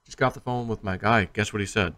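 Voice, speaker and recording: Rambling, animated man vlogging. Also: lowish voice, quick pace. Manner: rambling, animated storytelling with acted-out quotes. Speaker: crypto video host. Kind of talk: casual to-camera vlog talk.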